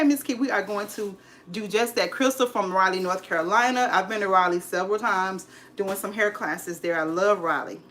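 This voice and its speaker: A bubbly, hyped woman from California greets viewers on a home decor livestream from indoors at home. Her mid-range voice is a bit bright, with slight background noise, and she calls viewers sis and honey as she chats.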